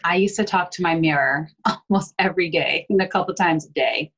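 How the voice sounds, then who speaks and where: Low-voiced woman, candid podcast guest. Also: brisk, fairly bright tone, slightly rough, lo-fi sound. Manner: open and emotional, with frequent filler words. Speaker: guest, adoptee. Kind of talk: casual conversation.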